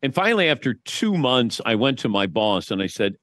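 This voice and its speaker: An animated man chats about sports and tells stories, slipping into other voices when he quotes people. His voice sits in the middle of the male range. The studio sound is dry and close. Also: mid-range voice, fairly quick, dry recording. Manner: animated storyteller, does voices when quoting. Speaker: guest. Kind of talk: casual sports chat.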